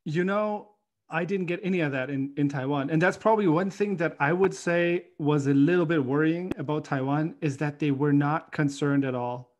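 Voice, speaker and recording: Chatty man, slightly high voice. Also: normal speed. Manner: rambling, animated storytelling with many fillers. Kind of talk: casual conversation.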